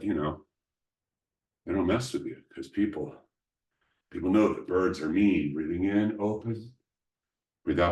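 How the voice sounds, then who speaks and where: A man teaching qigong postures step by step, calm and instructive, with dry joking asides. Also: deep voice. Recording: roomy sound, mic at a distance.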